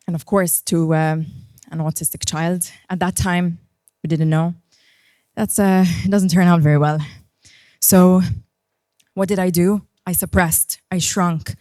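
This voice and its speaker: Low mellow woman giving a keynote. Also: steady tone, unhurried, no echo, clean studio sound. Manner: earnest, reflective, guides breathing. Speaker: keynote speaker and coach. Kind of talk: personal keynote talk.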